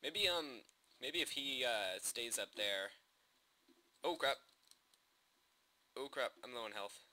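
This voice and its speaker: Excitable man with a bright voice. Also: medium pitch. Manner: excitable, jokey, quick bursts of alarm. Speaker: gamer commentating his own play. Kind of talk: casual gameplay commentary.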